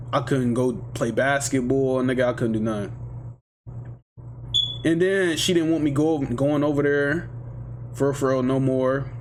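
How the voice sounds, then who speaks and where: A young man telling a story in a casual vlog, full of slang, swinging between loud bursts and mumbles. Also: mid-range voice, a little hiss or hum.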